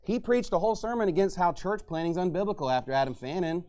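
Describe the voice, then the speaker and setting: A man with a high-pitched voice preaches a fiery, combative sermon from his own pulpit. His delivery swings into angry, mocking outbursts, with shouting at times. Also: lively intonation, fast talker. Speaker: pastor.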